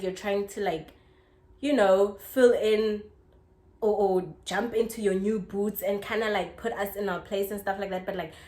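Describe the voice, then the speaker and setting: Chatty South African woman in echoey room. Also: mid-range voice. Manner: chatty and expressive, frequent "like" fillers and laughter. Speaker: YouTuber. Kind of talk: casual storytime.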